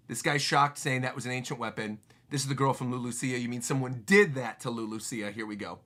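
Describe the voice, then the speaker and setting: Excitable man reacting on a livestream. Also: mid-range voice, brisk, hardly any pauses. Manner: excitable, jumps between thoughts, laughs often. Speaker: livestream host reacting to comics.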